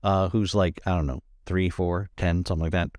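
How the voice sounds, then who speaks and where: Casting: deep-voiced man, podcast co-host, rambling wry storyteller, dry close mic. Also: steady tone, a little fast, a little mellow, no echo. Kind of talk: casual chat.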